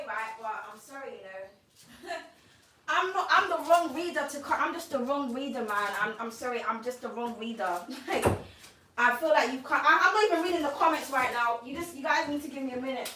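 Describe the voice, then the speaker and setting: A woman's voice: high voice, a bit bright, a little hiss or hum. A woman, a tarot reader, talking bluntly and with a lot of swearing on a live stream. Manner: blunt, profane, ranting. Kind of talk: livestream chat.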